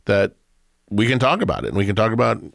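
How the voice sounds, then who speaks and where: A man's voice: on the low side, very animated, fast, creaky, a bit bright, dry recording, clean studio sound. A man in his fifties hosting a casual chat, reflecting in a conversational way. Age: 50s.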